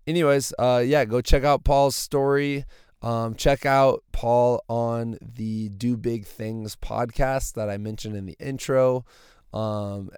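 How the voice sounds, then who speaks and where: A male podcast host with a gravelly early-morning voice, chatting casually in a rambling, enthusiastic way from inside a parked car. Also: fairly low pitch, darkish tone, dry recording, clean studio sound. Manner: rambling, enthusiastic, many fillers. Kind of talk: casual solo podcast outro.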